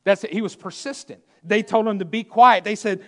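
A man preaching a sermon, emphatic and repetitive, swinging between loud declarations and hushed asides. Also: high-pitched, fairly quick.

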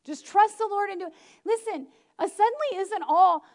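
A middle-aged woman preaches a lively sermon, laughing often and acting out the people she quotes. Her voice is very high and her pace brisk.

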